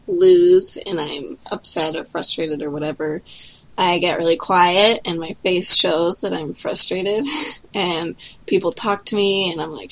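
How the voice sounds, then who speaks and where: A woman's voice: lowish voice, fairly bright tone, poor audio. A woman talking casually on a podcast about handling frustration at card game tournaments, chatty and full of "like" fillers, with light laughs as she talks.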